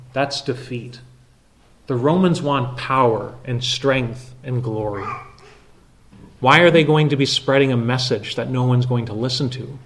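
A pastor preaching an expository sermon, measured and emphatic, pausing often with filler sounds as he explains each detail. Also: mid-range voice, a little hiss or hum.

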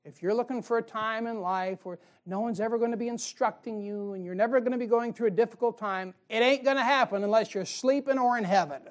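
A man's voice: high voice, fast talker, few pauses. A male pastor preaching a sermon in a folksy way, firing rhetorical questions at his congregation.

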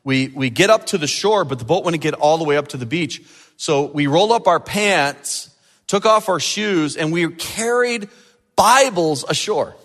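Guy pastor preaching, gets really animated, big echoey church sound. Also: a little high, normal speed. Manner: animated, rising to emphatic peaks. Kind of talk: sermon.

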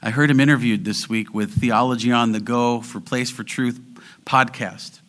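Bright-voiced male pastor preaching earnestly. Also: mid-range voice, steady tone. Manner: earnest, rising to fervent exhortation; slows down and drops to near whispers for emphasis. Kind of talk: sermon.

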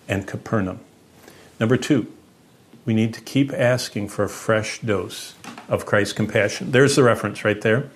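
A man preaching a sermon as pastor, in an earnest teaching manner, with lively swings in pitch and loudness.

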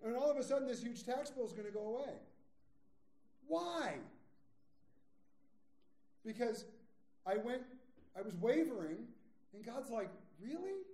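A man in his forties preaching a sermon as pastor, telling a personal story in a conversational way with quick acted quotes. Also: very high-pitched, warm tone, echoey room. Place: church sanctuary.

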